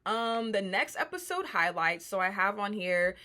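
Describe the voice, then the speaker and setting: A woman's voice: medium pitch, animated, normal speed, bright, forceful tone. A woman vlogger casually recapping a TV episode, chatty and slangy, full of "like" fillers.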